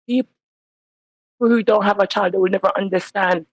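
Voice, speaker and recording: A woman's voice: medium pitch, fairly even intonation, moderate pace, dry recording, poor audio. A woman calling in to a phone-in show, speaking heatedly and emphatically in slang because she is upset. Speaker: caller. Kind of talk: impassioned phone-in rant.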